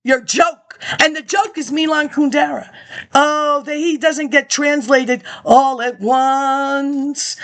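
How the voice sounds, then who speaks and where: A woman's voice: high-pitched, slow pace, a bit bright. A woman rambling through a monologue, reading old papers aloud and jumping between topics with sarcastic asides.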